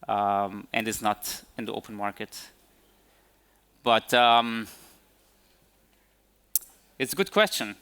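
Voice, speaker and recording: Male tech speaker at a conference Q&A; bright voice, halting delivery. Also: medium pitch, clean tone. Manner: hesitant, many fillers and restarts. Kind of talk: conference Q&A answers.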